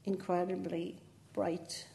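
This older woman from Northern Ireland has a warm, creaky voice on the low side, speaking slowly in a level tone. Interviewed as a poet, she's chatty, laughs often and tosses in self-mocking asides.

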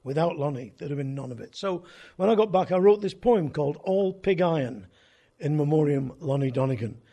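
The folk radio host, an older storyteller, speaks in a fairly high, expressive voice with a warm tone, a little fast. He's wry and conversational, his anecdotes wandering onto drifting tangents.

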